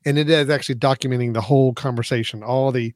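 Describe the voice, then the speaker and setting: A man's voice: medium pitch, steady tone, fast talker, darkish tone, no echo. A man co-hosting a casual tech chat, rambling with many restarts and laughing easily. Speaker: co-host.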